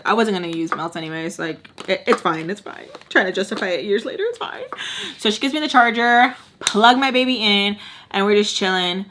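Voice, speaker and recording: A woman's voice: medium pitch, fairly bright tone, a little hiss or hum. A woman casually telling a story to her viewers as a vlogger, with lots of filler words, acting out the people in it. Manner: chatty, heavy on filler words.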